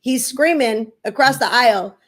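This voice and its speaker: A chatty woman with a high voice tells a story as a talk show guest. She keeps checking in with her listener, asking "right?". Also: normal speed. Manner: chatty, laughing, tag questions "right?". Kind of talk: casual chat, storytelling.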